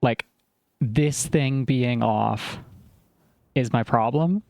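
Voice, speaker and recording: Slow-talking streamer man thinking aloud. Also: medium pitch, gravelly, a little mellow, no room sound. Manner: thinking aloud, puzzling through problems; apologetic and self-aware. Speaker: game streamer. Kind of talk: live-stream commentary while playing.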